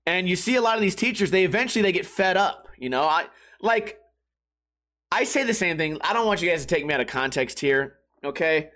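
A young adult man rants casually, swearing freely and acting out other people's yelling voices. His voice is high-pitched, a little fast, and animated.

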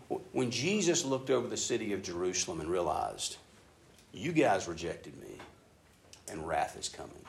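A man preaching a sermon in a casual, animated way, acting out prayers in an excited voice. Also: lowish voice, gravelly. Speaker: pastor. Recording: echoey room with faint ambient noise.

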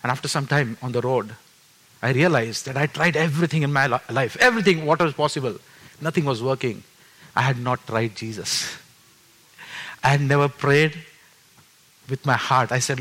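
A pastor in his fifties giving his testimony in a sermon, earnest and full of restarts, moving between loud emphatic peaks and hushed low passages. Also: moderate pace, long pauses. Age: 50s. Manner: earnest storytelling with frequent restarts.

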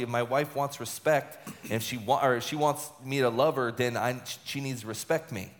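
A man's voice: mid-range voice, a little fast, hardly any pauses, a little hiss or hum. A man telling a personal story about his marriage and faith, acting out dialogue as he tells it. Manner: animated storytelling, acts out quoted dialogue. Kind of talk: personal testimony talk. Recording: long hall reverb.

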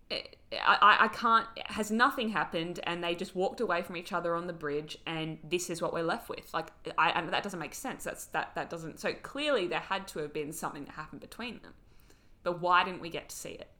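A woman co-hosts a podcast in casual chat, telling the story in a rambling, animated way. Her voice sits a little low but has a bright, forceful edge. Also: moderate pace. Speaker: podcast co-host. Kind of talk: casual chat recapping a TV episode.

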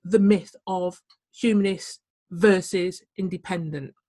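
A woman's voice: lowish voice, steady tone, slow, mellow, dry recording. A woman with a Birmingham accent hosting a podcast, upbeat and chatty as she leads the conversation. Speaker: podcast host, celebrant. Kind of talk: casual podcast interview.

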